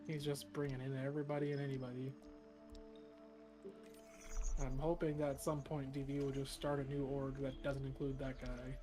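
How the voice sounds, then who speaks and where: A young man from California, chatting casually and venting frankly, with frequent swearing. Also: medium pitch. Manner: frank, swears often, vents about annoyances. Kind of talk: casual chat.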